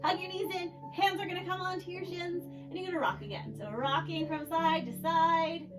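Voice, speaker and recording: A woman's voice: very high-pitched, moderate pace. A woman leading a kids yoga class, playful and encouraging, counting poses and making animal sounds. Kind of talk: guiding a children's yoga class. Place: yoga room. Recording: distant mic with loud music behind.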